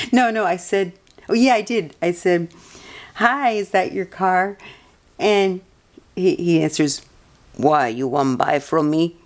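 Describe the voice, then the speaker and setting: A soft-spoken woman with a fairly low voice, telling a long personal story to her audience. She meanders, corrects herself mid-sentence and laughs often as she goes. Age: adult. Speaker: vlogger.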